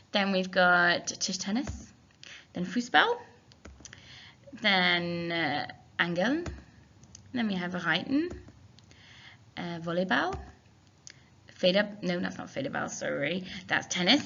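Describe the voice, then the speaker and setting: A woman's voice: on the low side, vocal fry, pushed and bright. A woman teacher, talking students through a recorded language lesson in a chatty, self-deprecating way. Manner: chatty, self-deprecating, slow over the foreign words. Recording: dull lo-fi with faint hiss.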